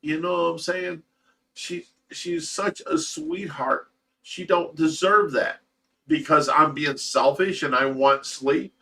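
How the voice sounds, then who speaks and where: Emotional man with a bright, forceful voice. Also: fairly high pitch, takes it slowly, far from the mic, slight background noise. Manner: emotional, rambling, repeats words, swears. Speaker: host of a fish rescue livestream. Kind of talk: casual livestream chat.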